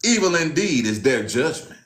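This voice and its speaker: A man giving an informal sermon, reading scripture aloud and talking in a casual, slangy way, swinging from loud exclamations to low muttering. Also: very animated, normal speed, echoey room. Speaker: preacher.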